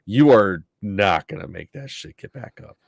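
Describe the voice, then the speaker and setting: Man, low pitch, lively intonation, podcast co-host, casual, profane, laughing. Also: normal speed, vocal fry. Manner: laid-back, swears a lot, laughs often. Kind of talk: casual chat.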